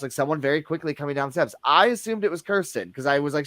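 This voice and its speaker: A man's voice: a little high, animated, fast talker, few pauses, fairly bright tone, no echo. A man, a guest who works at a movie theater, chatting casually and telling stories with lots of fillers. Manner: rambling storyteller with many fillers. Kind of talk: casual podcast chat.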